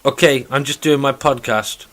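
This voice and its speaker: Man, podcast host, casual chat, ranting, swearing, mocking impressions, mid-range pitch. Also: fairly even intonation, normal speed, fairly bright tone. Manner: ranting, swears freely, mimics people in put-on voices.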